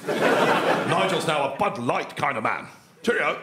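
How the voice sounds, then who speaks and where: A man's voice: on the high side, expressive, measured pace, echoey room, very noisy. An actor playing a blustering, indignant middle-aged male politician in a radio comedy sketch. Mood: gleeful. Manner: ranting, indignant.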